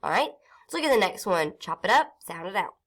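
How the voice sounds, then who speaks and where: A woman teaching a phonics lesson to young children, sounding out syllables slowly and clearly. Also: medium pitch, big pitch swings. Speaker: reading teacher.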